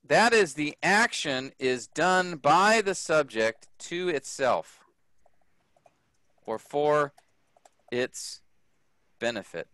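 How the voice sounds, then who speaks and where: A male teacher explaining grammar in a slow, unhurried way. His pitch rises and falls a lot, sitting a bit high for a man. The room sounds dry and close. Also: fairly bright tone, no room sound. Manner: slow, patient, checks understanding often. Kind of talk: classroom grammar lesson. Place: workshop room.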